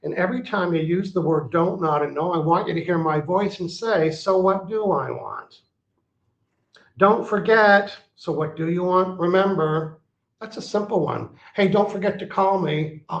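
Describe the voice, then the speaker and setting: A man's voice: sits high, normal speed, vocal fry. A man speaking as an interview guest, teaching with emphasis and repeating his key phrases like a coach. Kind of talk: interview conversation. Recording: roomy, dull lo-fi sound.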